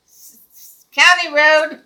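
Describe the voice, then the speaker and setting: Bright-voiced older woman telling a story. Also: sits high, slow pace, low-quality recording. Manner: animated, laughs often while telling; acts out quoted dialogue. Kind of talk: casual anecdote.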